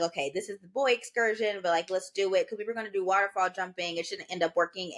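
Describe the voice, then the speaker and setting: A podcast co-host in her twenties tells a story during a casual chat, speaking in a mid-range voice. She's animated and acts out the voices of the people in her tale.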